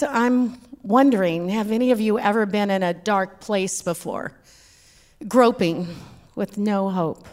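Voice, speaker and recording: A middle-aged woman from Texas with a Texan accent, giving a humorous church talk as a guest speaker, joking like a lively storyteller. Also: mid-range voice.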